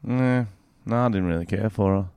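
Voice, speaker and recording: A young Australian man with a lowish voice trades crude jokes in relaxed podcast banter. He swears freely and jokes with a loose, casual delivery. His voice is recorded close and dry, with no room sound. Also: moderate pace, smooth, dry recording. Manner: crude, joking, swears a lot. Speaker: podcast co-host.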